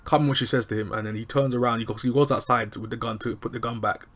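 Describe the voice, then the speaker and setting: A man with casually recapping a TV episode, animated and chatty, acting out lines from scenes. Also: medium pitch, rapid-fire. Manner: animated, chatty, acts out quotes. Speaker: TV show reviewer.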